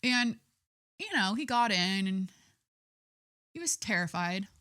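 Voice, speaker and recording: A woman's voice: medium pitch, animated, takes it slowly, bright, forceful tone, clear, resonant tone, no echo, studio quality. A young adult woman hosting a podcast, talking casually and rambling with lots of filler words. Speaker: podcast host. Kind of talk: casual chat.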